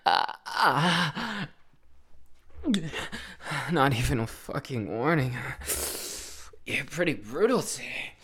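A young man performing an intimate audio role-play, teasing and breathy, often dropping into a whisper. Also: fairly high pitch, very animated, slow pace, pauses often, pushed and bright.

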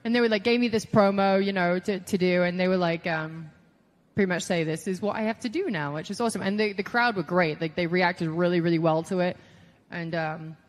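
A woman tells stories as a guest in a casual interview, chatty and saying "like" constantly while animatedly quoting other people's voices. She speaks briskly in a fairly low voice, and the audio sounds like a large hall.

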